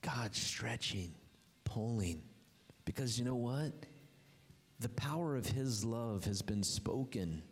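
A man preaching with passion from a church sanctuary, his voice carrying a long reverb tail off the walls. He climbs into high, emphatic bursts and then drops low and quiet, at a mid-range pitch. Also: animated, slow pace, long pauses. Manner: impassioned, swings from high emphatic lines to low quiet ones. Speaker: pastor. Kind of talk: sermon.

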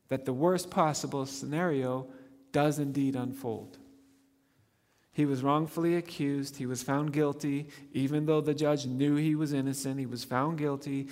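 A man's voice: medium pitch, long reverb tail. A man preaching a sermon, earnest and emphatic, pushing his voice up on key phrases. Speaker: pastor.

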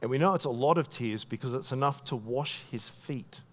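A male preacher recounts a story from the pulpit at a moderate pace, his mid-range voice bringing inner thoughts to life and softening whenever the tale turns touching.

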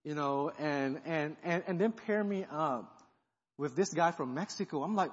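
A fairly high, husky male voice delivering a lively sermon testimony, acting out his own past thoughts as he tells the story. The sound is a bit dull and rings out with the long reverb of a large church hall. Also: unhurried. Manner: animated storytelling, acts out quoted thoughts. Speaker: guest pastor.

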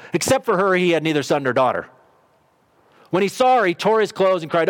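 A man's voice: fairly high pitch, sing-song, fast. A middle-aged man preaching a sermon in a conversational storytelling way, briefly acting out quotes. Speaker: pastor.

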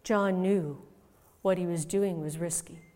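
A woman giving a first-person dramatic monologue as a biblical mother, storytelling expressively and swinging from hushed to loud. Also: fairly low pitch, fairly even intonation, measured pace. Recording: long reverb in a large hall.

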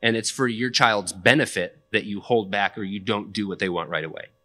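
Bright-voiced casual young male preacher. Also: on the low side, brisk. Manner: conversational, plainspoken preaching with casual asides. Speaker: pastor. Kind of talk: sermon.

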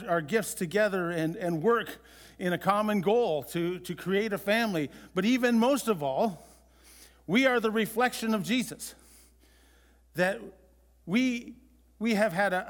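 A man preaching a sermon as pastor, in a conversational way with halting restarts. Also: high-pitched, long reverb tail.

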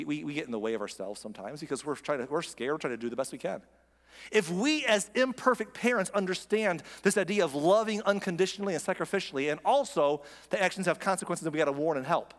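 A man preaching a sermon as pastor, animated, swinging from loud emphasis to hushed near-whisper. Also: fairly high pitch, fast. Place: church sanctuary. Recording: long hall reverb.

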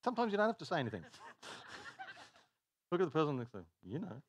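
Animated male preacher telling stories. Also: a little high, moderate pace, breathy edge, dry recording. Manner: animated storytelling, laughs at own jokes. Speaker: pastor. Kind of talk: sermon.

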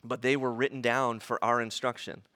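A man in his thirties preaching a sermon, animated and acting out grumbling voices as he teaches. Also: mid-range voice, moderate pace. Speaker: pastor.

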